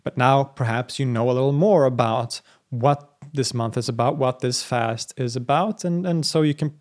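A man hosting a solo podcast, talking in a gentle, earnest way with some fillers and restarts. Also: medium pitch, moderate pace. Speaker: podcast host. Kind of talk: reflective solo podcast talk.

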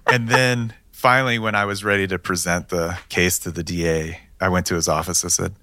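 Deep, bright-toned male detective. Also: steady tone, a little fast, no room sound. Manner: matter-of-fact, dry humor. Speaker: police detective, guest. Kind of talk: storytelling interview answers.

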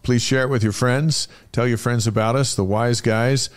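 A man's voice: medium pitch, fairly even intonation, normal speed. A man co-hosting a sports talk show in a studio, chatting casually in an easygoing way and reading out dates and notices. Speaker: co-host of a sports radio show. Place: radio studio.

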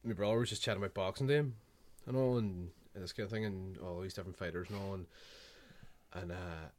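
A man's voice: low-pitched, fast talker, a little mellow, slight background noise. A young man telling a rambling, swear-filled anecdote in casual chat.

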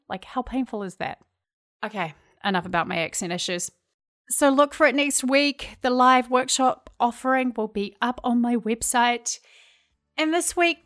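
A woman's voice: on the high side, a little slow, faint music behind. A woman from New Zealand with a Kiwi accent, hosting her own podcast in a chatty, self-deprecating monologue. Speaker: podcast host. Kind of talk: casual solo podcast monologue.

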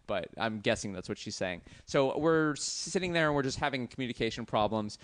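A man's voice: fairly low pitch, animated, a little fast, few pauses, a bit bright. A man telling a rambling travel story in casual chat, full of fillers and restarts, acting out the voices he quotes. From Los Angeles.

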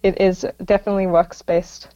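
A woman's voice: on the low side, level tone, brisk, mellow. Woman guest over a dull line. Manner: reads from notes with fillers. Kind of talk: casual interview answers.

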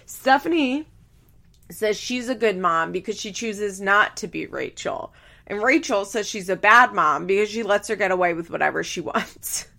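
Young female podcast host, animated and chatty, mid-range pitch. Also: moderate pace, gravelly. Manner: animated, laughs often, mimics people in quotes. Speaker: podcast host recapping a reality show. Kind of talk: casual recap chat.

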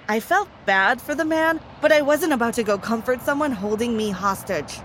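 A woman narrating a scripted first-person story in a calm, even way. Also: on the high side, a little hiss or hum.

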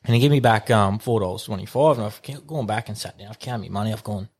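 A man's voice: on the low side, fast talker, darkish tone, husky. An Australian man, a rodeo rider guest, telling rambling anecdotes with plenty of swearing. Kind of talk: casual chat.

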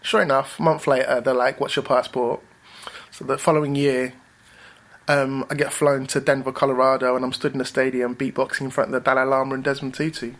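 Bouncy, animated male storyteller. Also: mid-range voice, fast talker. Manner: animated, bouncy, acts out voices. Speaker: guest, rapper and writer. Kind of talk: casual interview storytelling.

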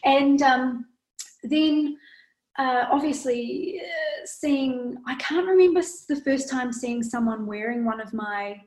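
A woman fashion designer telling her story in an interview, animated and quick in bursts. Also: sits high. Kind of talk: casual interview. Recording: echoey room.

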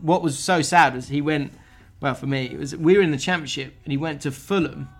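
Man, podcast host, chatty and rambling, a touch higher-pitched. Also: a little fast, creaky, soft background music. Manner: rambling, laughs while telling stories. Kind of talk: casual football chat.

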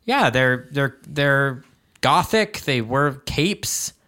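A podcast co-host in casual chat, animated and quick to laugh. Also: mid-range voice. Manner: giggly, animated, often laughing.

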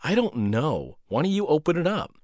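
A man's voice: on the high side, sing-song, normal speed, a little mellow, no room sound, clean studio sound, pitched above the performer's own voice. A man playing a curt, annoyed old station owner. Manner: curt, impatient.

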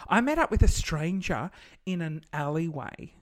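A man trades travel stories in a casual podcast chat. His voice swoops up and down with lively energy. He's self-deprecating and quick to laugh at his own misadventures. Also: on the high side.

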